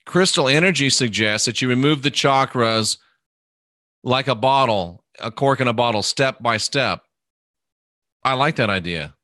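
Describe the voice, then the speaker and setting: A man hosts a live podcast, answering viewer questions in an easygoing, conversational manner. His voice is bright and forward. The recording is dry, with no room sound around it. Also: mid-range voice, expressive, no echo. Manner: unhurried, conversational, answers viewer questions aloud, drifting quiet at phrase ends. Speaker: podcast host reading live comments. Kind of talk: casual live podcast chat.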